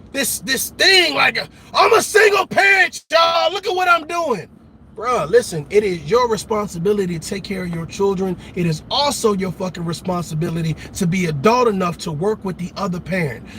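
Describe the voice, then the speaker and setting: High-voiced man ranting emphatically. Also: pushed and bright, slight background noise. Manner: emphatic, repetitive, calls out to listeners. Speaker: show host. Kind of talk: impassioned commentary monologue.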